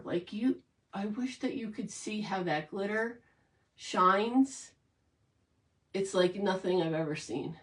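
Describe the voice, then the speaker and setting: A woman's voice: medium pitch, recorded from a distance. A woman chats through a craft livestream, rambling and restarting as she talks to her viewers and gets emotional. Her voice sits in a medium range. It sounds roomy, picked up from a little way off the mic. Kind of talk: casual livestream chat.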